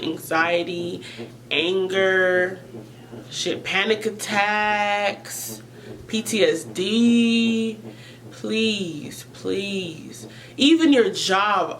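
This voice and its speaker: A woman's voice: medium pitch, fairly bright tone, low-quality recording. A woman vlogger talking earnestly and emotionally to her viewers about mental health, often repeating herself as she searches for words.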